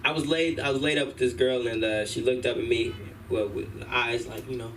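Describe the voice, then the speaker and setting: A man's voice: mid-range voice, fairly even intonation, fairly quick, a bit bright. A male stand-up comic at an open mic, telling rambling, slangy stories in a loose, casual way. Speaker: stand-up comedian. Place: comedy club open mic. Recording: distant room mic with faint hum.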